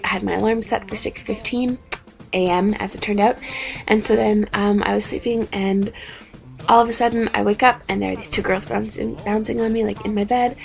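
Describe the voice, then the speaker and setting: A young woman in her twenties telling stories in a casual, animated video diary, acting out other people's lines in a raised voice. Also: a little fast, creaky, soft background music. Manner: animated, chatty, acts out quotes in higher voices. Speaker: vlogger. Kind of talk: casual storytelling vlog.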